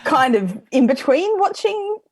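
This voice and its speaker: A woman's voice: sits high, big pitch swings, a little slow, crowd noise. A woman co-hosting a podcast in casual chat, with a dry, blunt wit. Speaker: podcast co-host.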